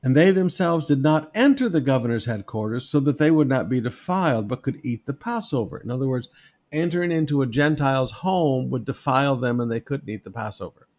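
A man preaching a sermon, reading scripture aloud and commenting on it in an animated, wry way. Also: medium pitch, brisk. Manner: animated, wry, reads passages with emphatic quoted voices. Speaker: pastor.

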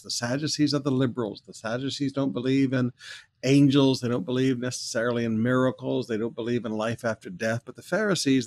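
Man preaching a verse-by-verse sermon. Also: medium pitch. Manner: conversational teaching, emphatic when reading scripture. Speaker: pastor.

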